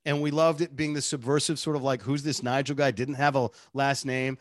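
Guy telling radio stories, laughs a lot, plain middle pitch, dry sound. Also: brisk, no echo. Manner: animated storyteller, laughs often. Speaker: radio show producer and personality. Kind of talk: casual interview chat.

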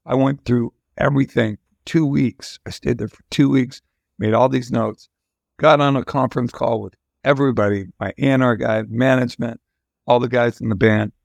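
A man's voice: mid-range voice, fairly even intonation, normal speed, gravelly, dry recording. An older man, a musician guest, telling long candid stories in a casual interview, rambling with restarts.

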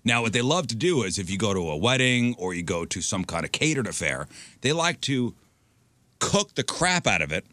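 A man hosts a radio show in a lively, joking way, and his pitch swings up and down a lot. His voice is bright and sits close to a dry microphone. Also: no echo. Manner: animated, joking, drawn-out emphasis. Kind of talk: casual chat.

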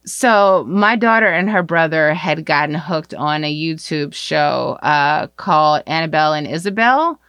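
Podcast co-host, woman, slightly low voice, deadpan wit, dry recording. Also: measured pace, hardly any pauses, clear, resonant tone, dry recording. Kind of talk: casual parenting chat.

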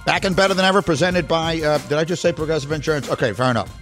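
Chatty slightly congested sports host. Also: male voice, fairly high pitch, rapid-fire, fairly bright tone, soft background music. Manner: chatty, self-deprecating, rambling. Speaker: sports talk podcast host. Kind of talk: casual sports talk.

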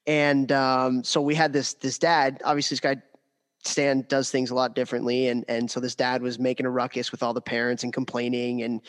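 A man co-hosting a casual podcast chat, a lively storyteller who laughs while he talks. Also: mid-range voice. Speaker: podcast co-host.

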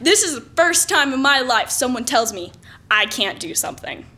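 A woman telling a personal story aloud in a lively, self-mocking way with lots of exaggeration. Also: high-pitched, moderate pace.

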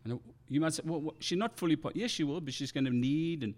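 A man preaching a sermon as pastor, passionate and animated, acting out quoted excuses from churchgoers. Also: fairly high pitch, fast talker.

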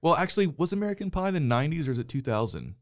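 A man's voice: a little high, big pitch swings, rapid-fire, no echo. A middle-aged man co-hosting a casual movie podcast as a father, talking in a wry, teasing, mock-exasperated way from a studio booth.

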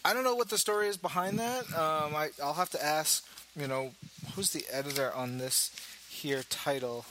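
A man hosting a casual chat about comic books, talkative and quick to laugh. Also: on the high side, pushed and bright, a little hiss or hum, low-quality recording. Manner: chatty, laughs often. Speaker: podcast host.

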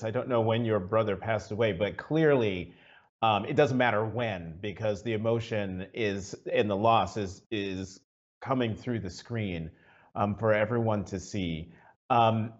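A man hosting an interview over a video call, asking questions in a conversational way with personal asides. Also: fairly low pitch. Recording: dull video call audio.

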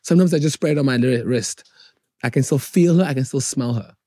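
A man from South Africa speaks in an easy conversational tone at a middle pitch. He is blunt and swears freely, driving his points home by repeating words. The sound is close and dry. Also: fast talker, dark tone, dry recording. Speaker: podcast guest. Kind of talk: casual conversation.

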